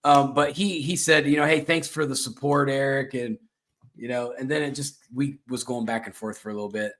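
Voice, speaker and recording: A man's voice: medium pitch, fairly even intonation, brisk, a bit bright. Rambling man hosting a chat show. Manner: rambling, filler-heavy and self-mocking. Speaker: show host.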